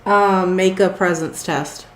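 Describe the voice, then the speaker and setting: A woman narrating as game master of a tabletop game, slow and hesitant with fillers. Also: on the low side, steady tone. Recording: roomy echo.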